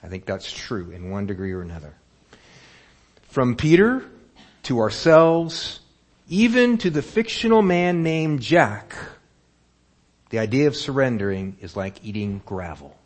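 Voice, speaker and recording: A pastor preaching a sermon, telling stories and asking the congregation rhetorical questions. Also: male voice, medium pitch, measured pace, long pauses. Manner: animated storytelling, rhetorical questions.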